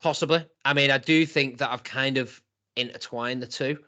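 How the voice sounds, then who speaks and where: Bright-voiced man hosting a chat. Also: mid-range voice, steady tone, normal speed. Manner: chatty, laughs often, reports scenes with quoted voices. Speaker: podcast host. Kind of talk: casual wrestling podcast chat.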